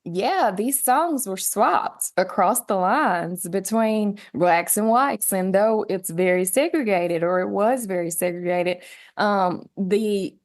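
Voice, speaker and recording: A woman from West Tennessee with a Southern twang, a musician telling stories in a relaxed interview chat, often quoting others in animated voices. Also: medium pitch, slow. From West Tennessee, USA. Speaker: guest musician.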